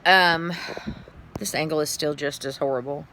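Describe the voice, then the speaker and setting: A woman's voice: sits low, fairly even intonation, normal speed, pushed and bright, slight background noise. A tired middle-aged woman, chatting casually to her phone camera in a rambling way, yawning and swearing now and then. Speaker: vlogger.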